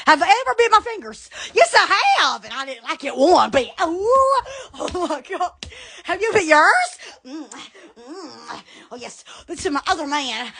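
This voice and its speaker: A woman's voice: extremely high pitch, sharp tone. A woman hosting a casual live stream on her phone, giggling and exclaiming constantly.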